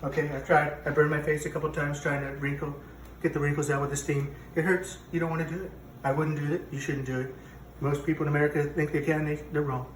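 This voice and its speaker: A man's voice: a little high, flat delivery, fast, few pauses, a little hiss or hum, close to an everyday voice. A man playing a bragging, rambling president-chef. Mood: boastful. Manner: bragging, rambling, self-contradicting. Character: boastful rambling male president hosting a cooking show. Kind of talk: comic cooking show parody. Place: home kitchen. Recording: echoey kitchen, mic from a distance.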